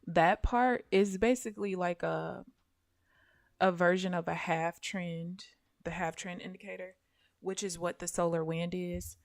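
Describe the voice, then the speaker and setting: A woman giving casual live commentary on her own day trading, thinking aloud and often dropping to soft mutters. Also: on the low side, steady tone, unhurried, creaky, no room sound, clean studio sound. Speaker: day trader streaming live.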